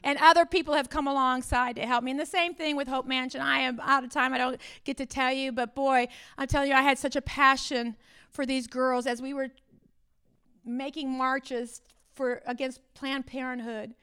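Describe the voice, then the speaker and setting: A woman in her fifties, a pastor giving an animated conference talk, telling stories and acting out exchanges with rising intensity. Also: high-pitched, moderate pace, clean tone. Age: 50s. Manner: animated storytelling, rising to near-shouting in acted exchanges.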